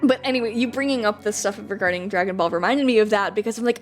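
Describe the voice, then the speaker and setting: A woman's voice: mid-range voice, quick pace, hardly any pauses, soft background music. A young woman streaming from home, chatting casually and rambling with lots of fillers and giggles. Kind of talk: casual live-stream chat.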